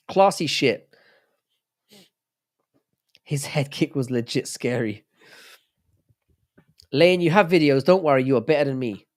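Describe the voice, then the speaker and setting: A man's voice: medium pitch, expressive, normal speed, long pauses. A man hosting a livestream, rambling, swearing and joking with his chat. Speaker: livestream host.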